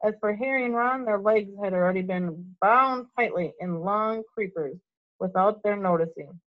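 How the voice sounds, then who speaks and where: Woman teacher, storybook read-aloud, clear steady reading, small slips, medium voice, dull lo-fi sound. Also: medium pitch. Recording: dull lo-fi recording.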